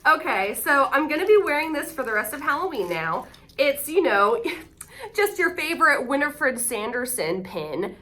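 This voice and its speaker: A woman vlogging casually as she unboxes gifts, excitable and gushing. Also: sits high, moderate pace. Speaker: AuthorTube vlogger.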